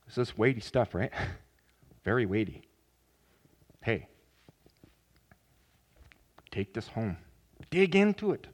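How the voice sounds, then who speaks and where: A man preaching a sermon as pastor, earnest, with sudden loud emphatic rises. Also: fairly low pitch, slow, pauses often, slightly rough.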